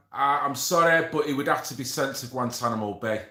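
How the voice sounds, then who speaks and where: A man's voice: mid-range voice, fairly quick, hardly any pauses, bright, forceful tone, roomy sound. A man hosting a casual livestream, bantering with viewers, swearing and reading out names from the chat. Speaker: livestream host.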